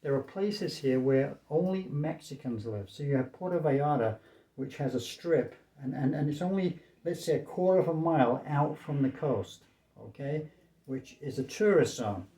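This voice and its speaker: A man's voice: a little high, expressive, moderate pace, dark tone, reverberant. A man in his sixties from the United States, rambling in a casual vlog commentary, repeating his points and tagging lines with "okay?". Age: 60s. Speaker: vlogger. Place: small room in his apartment.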